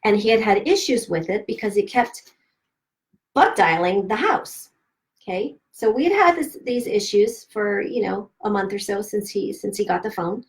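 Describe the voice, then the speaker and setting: A woman's voice: medium pitch, moderate pace. Middle-aged woman, candid storytelling, emphatic, swears, acts out quotes. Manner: emphatic, swearing, animated retelling with quoted dialogue. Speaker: host of a self-help live stream.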